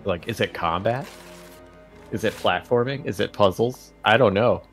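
Guest: relaxed man with a lowish voice, chatty and enthusiastic on a game stream. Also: moderate pace, faint music behind. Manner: easygoing, enthusiastic reactions. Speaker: guest co-host. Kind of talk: casual game stream chat.

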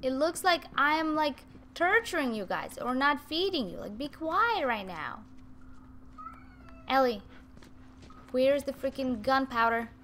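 A young woman with a high, bright voice narrates her game in a chatty, excitable way. She talks straight to her viewers and scolds her cats between moves. A faint noise sits under the recording. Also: measured pace, long pauses. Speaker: gaming video host. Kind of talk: casual let's-play commentary. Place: home room with cats nearby.

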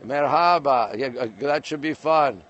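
A man's voice: medium pitch, unhurried, dull audio. A man hosting a casual live stream from a windy rooftop at night, very cold, chatting and greeting viewers one by one. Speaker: livestream host.

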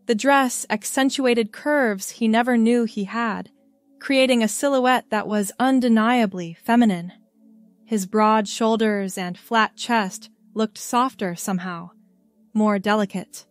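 A woman reading a scripted story aloud in a calm, even storybook manner. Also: a little high, takes it slowly, no room sound, soft background music.

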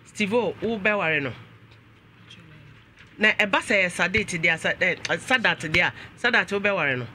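Man, Ghanaian accent, talk show host, high voice, very bright tone, code-switching, exclamatory. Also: expressive, moderate pace, pauses often, a little hiss or hum. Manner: mixes English and Twi, exclaims often.

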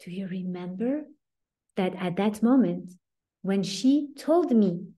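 A woman's voice: mid-range voice, animated, slow pace, dark tone. A woman voicing the biblical matriarch Rachel, who pleads with God in a heartfelt first-person confession. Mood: pleading.

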